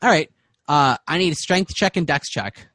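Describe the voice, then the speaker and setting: A man narrating as game master in a tabletop game, with casual, halting narration. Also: a little high, expressive, sharp tone, no room sound, clean studio sound.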